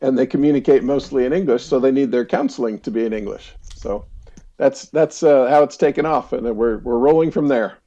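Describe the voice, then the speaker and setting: A middle-aged man from the United States, a counselor guest, talking in a relaxed, chatty way with easy laughs and frequent fillers. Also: medium pitch, brisk, lo-fi sound. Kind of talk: casual interview storytelling.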